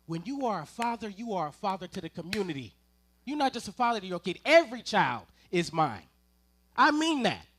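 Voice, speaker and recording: A man preaching to a congregation in a high, bright voice. He spins humorous family stories and turns often to his listeners with playful asides. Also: sing-song, brisk, slight background noise. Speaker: ministerial intern preaching. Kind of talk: sermon with personal storytelling. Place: church service before a congregation.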